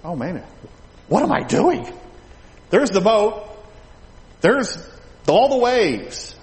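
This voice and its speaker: Preacher doing a brash, eager disciple, jumps up high in pitch; big reverberant room. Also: male voice, normal speed. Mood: nervous. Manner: excited, pitched-up exclamations. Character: impulsive, eager adult male disciple. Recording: echoey hall, faint ambience.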